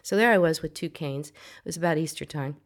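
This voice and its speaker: A woman's voice: low-pitched, fairly quick. A middle-aged woman, a psychotherapist, telling a personal story in an interview in an earnest, reflective way, repeating phrases for emphasis. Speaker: psychotherapist guest. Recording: music playing under the voice.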